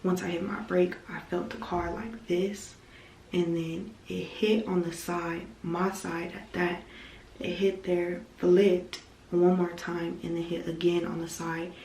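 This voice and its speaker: A woman's voice: on the low side, level tone, slow, darkish tone, echoey room, distant mic, slight background noise, rough recording. A young woman telling a storytime vlog, rambling with lots of "like" fillers. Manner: rambling, heavy use of "like" fillers. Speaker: vlogger. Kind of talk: storytime vlog, casual retelling.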